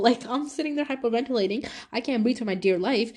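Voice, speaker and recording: A woman's voice: fairly high pitch, fairly quick, few pauses. A young woman hosts her own podcast and talks straight through a personal story. Her delivery is casual and chatty, and she keeps slipping into quoted dialogue to act out what other people said, with plenty of fillers along the way. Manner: chatty, animated retelling with quoted voices and fillers. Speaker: podcast host.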